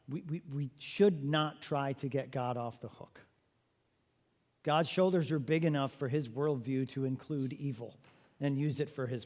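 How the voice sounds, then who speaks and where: A man leads a church seminar, lecturing in a casual but emphatic way and posing rhetorical questions to the room. His voice sits at an ordinary pitch. The sound rings with the long reverb of a church hall.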